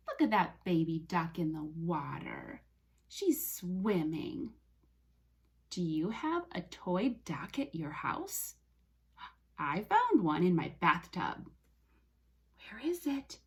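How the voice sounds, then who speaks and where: Slow, sing-song woman reading to toddlers. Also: fairly low pitch, very animated, fairly bright tone, a little hiss or hum. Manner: sing-song, exaggerated and slow, with animal sounds and drops to a whisper. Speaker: speech language pathologist. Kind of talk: reading a picture book aloud to young children.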